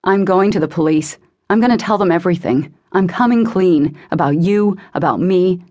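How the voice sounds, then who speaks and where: A woman's voice: lowish voice, normal speed, dark tone, lightly acted. A woman voicing a bitter, hostile teenage boy who spits cold contempt. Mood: calm resolve.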